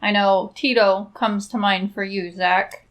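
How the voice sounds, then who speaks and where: A woman co-hosting a podcast in casual chat, animated and swearing freely. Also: medium pitch, measured pace. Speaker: podcast co-host.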